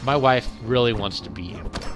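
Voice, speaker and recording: A man's voice: mid-range voice, brisk, over music, lightly acted. A man voicing a meek old fisherman who speaks hesitantly and apologetically.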